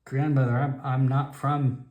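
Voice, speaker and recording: A man's voice: medium pitch, flat delivery, a little slow, darkish tone, natural voice. A man voicing an earnest young male Nightkin wanderer who stammers politely. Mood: hesitant. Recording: echoey room.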